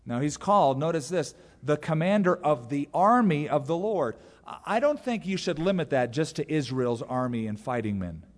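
A man preaching a sermon as a pastor, telling the story in a lively way and briefly acting out the characters' lines. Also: fairly high pitch. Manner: animated storytelling, acting out the characters in quick voices. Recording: long hall reverb.

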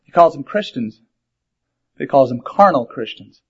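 A man's voice: medium pitch, expressive, normal speed, breathy edge. A man preaching a sermon in a conversational way, asking rhetorical questions and mixing in humor. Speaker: pastor. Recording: dull lo-fi sermon recording.

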